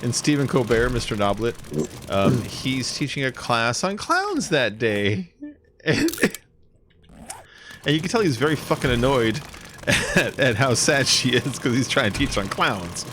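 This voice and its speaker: A man's voice: big pitch swings, a little slow. Chatty man streaming a game. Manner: chatty, laughs while retelling jokes. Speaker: gameplay streamer. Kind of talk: casual chat while playing. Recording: noisy with engine rumble.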